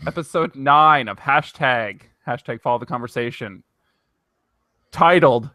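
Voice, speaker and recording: Bright-voiced laughing young man. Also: mid-range voice, unhurried, no room sound, studio quality. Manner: laughs often, animated and playful. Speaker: podcast co-host. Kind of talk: casual chat.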